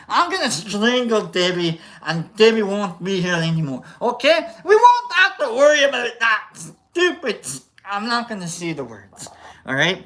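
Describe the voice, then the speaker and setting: A woman's voice: on the low side, a bit bright. A woman hosting a casual livestream, reading out chat in a put-on Scottish accent that keeps drifting into other accents. She rambles playfully, mocks herself and swears freely. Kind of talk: casual live-stream chat.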